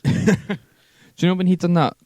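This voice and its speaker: A man co-hosting a casual podcast chat, telling stories in an animated way. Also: sits high, no echo. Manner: rapid, animated storytelling. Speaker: podcast co-host.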